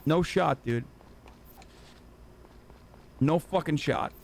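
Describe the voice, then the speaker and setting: A man's voice: a little high, drawn-out words, gravelly. Heated, profane man ranting. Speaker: livestream host. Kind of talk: ranting reaction commentary.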